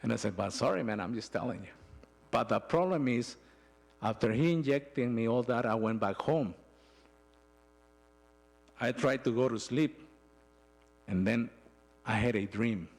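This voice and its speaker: A middle-aged man giving a personal testimony in a church, telling his story in an emotional, halting way with frequent restarts. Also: medium pitch. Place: church sanctuary.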